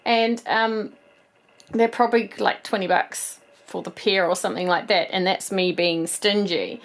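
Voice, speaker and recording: The woman talks unhurriedly at a medium pitch with fairly even intonation. In her thirties and New Zealand-accented, she hosts a toy collector vlog, casually presenting toy finds in a haul video with a chatty, rambling style and frequent ums.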